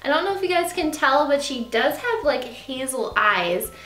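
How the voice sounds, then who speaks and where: Young female beauty vlogger, casual and gushing, breaks into baby talk; roomy sound, soft music bed. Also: sing-song, moderate pace. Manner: gushing, rises to high baby talk with the puppy. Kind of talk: casual vlog chat. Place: home. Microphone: camera with ring light.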